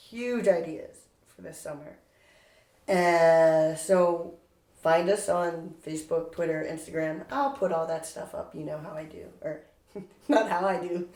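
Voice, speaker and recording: A woman with a fairly low voice hosts a podcast in relaxed, casual chat. She laughs often and trails off with fillers. Her voice carries a noticeable room echo. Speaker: podcast host. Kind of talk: casual conversation. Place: indoor room, recorded locally. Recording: roomy echo.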